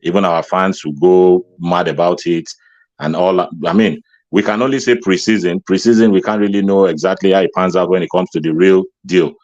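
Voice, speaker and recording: A man speaking as a guest on a casual live stream, laying out his views with "um" pauses. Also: low voice, steady tone, a little mellow, no echo, dull audio. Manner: measured, reasoned speech with "um" pauses. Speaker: guest commentator. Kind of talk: casual chat.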